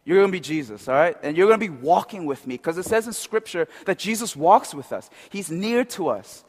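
High-voiced preacher in a reverberant hall. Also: male voice, expressive, fairly quick, slightly rough. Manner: conversational, asks the crowd "right?". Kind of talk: sermon.

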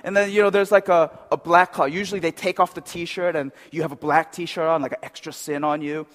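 A man delivers a sermon in a relaxed, conversational manner, often turning to the crowd for agreement. His voice sits high for a man. The sound rings out with the long reverb of a large hall. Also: a little fast. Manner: conversational, asks the crowd "right?". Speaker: preacher.

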